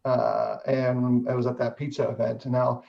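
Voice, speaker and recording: A middle-aged man hosting a casual chat, speaking in a measured way with frequent hesitations. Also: medium pitch, level tone, creaky. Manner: measured, many "uh" fillers. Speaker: host. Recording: dull lo-fi audio.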